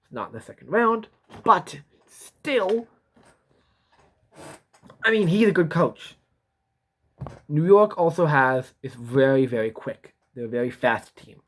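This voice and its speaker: A young man in a casual vlog, rambling and repeating himself as he talks through a prediction, yawning now and then. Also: mid-range voice. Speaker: YouTuber giving sports predictions.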